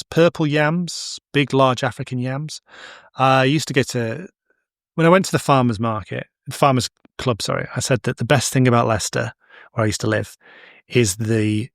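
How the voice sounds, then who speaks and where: A man's voice: mid-range voice, no room sound, clean studio sound. A middle-aged man hosting a casual educational podcast, chatty and digressive with anecdotes. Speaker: podcast host, horticulture expert.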